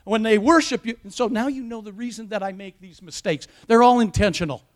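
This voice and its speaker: A man preaching a sermon, emphatic with playful self-mocking asides, building to shouts. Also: sits high, a little fast. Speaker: pastor.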